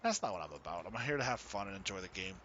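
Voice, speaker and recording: A man chatting casually with viewers while he streams a farming game, easygoing and quick to laugh. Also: low voice, big pitch swings, a bit bright, dull audio, a little hiss or hum. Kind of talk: casual live-stream chat.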